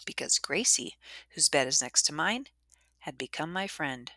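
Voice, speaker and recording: Low-voiced woman reading a storybook. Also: moderate pace, bright, forceful tone, slight background noise. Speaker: audiobook narrator. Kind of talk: first-person storybook narration.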